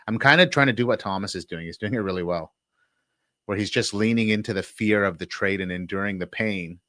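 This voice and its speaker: Low-voiced man coaxing his trades. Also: steady tone, sharp tone, dry recording, studio quality. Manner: talks himself through trades, halting, self-coaching. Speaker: day trader co-host. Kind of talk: casual live-stream chat.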